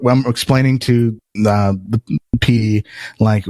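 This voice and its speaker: A man's voice: medium pitch, a little slow, no echo. Profane storytelling man, dry close mic. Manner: animated, acts out quotes, swears often. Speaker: podcast storyteller.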